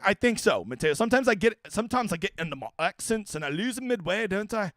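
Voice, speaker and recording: High-pitched and talking fast with hardly any pauses, this young fantasy sports streamer reads chat questions out loud and fires back casual, swear-filled, animated answers. The sound is studio quality with no echo.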